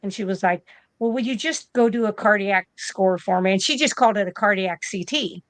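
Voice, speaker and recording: A woman's voice: mid-range voice, a little fast, no echo. A woman in her fifties, an interview guest and nurse from the United States, telling a story in a casual way and acting out both sides of each conversation.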